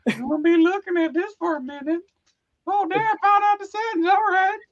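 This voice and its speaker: A man putting on a squeaky, high falsetto to mock a cheerful young male friend, recorded on a dull lo-fi call. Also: a little fast. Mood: goofy. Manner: playful, mocking impression of a friend.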